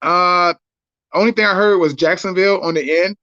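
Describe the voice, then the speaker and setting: A man's voice: sits high, normal speed, bright, forceful tone, no room sound, highs cut off. A male guest on a video call, talking in a loose conversational way with frequent fillers. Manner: loose, conversational, lots of "you know". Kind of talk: casual video call interview.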